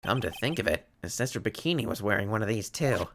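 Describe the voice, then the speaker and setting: A man's voice: lowish voice, animated, a little fast, background noise. A man reading as an earnest, jumpy young lawyer. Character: earnest young male lawyer, easily startled. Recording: game music behind.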